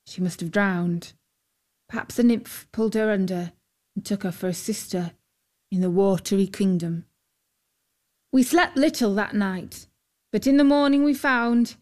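An old foster father tells his sad tale gently, as a woman narrator reads his part. The voice stays plain and unforced, brisk at times, in a storybook reading. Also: sits high.

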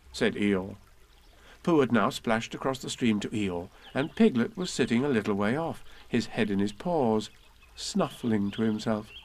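A man reading a children's storybook aloud, gentle and expressive. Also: fairly low pitch, normal speed.

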